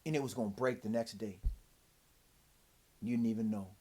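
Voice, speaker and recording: A man's voice: steady tone, moderate pace. Man ranting heatedly to camera. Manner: profane, heated, swings from loud to low. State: dry throat. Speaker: vlogger. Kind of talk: casual rant to camera.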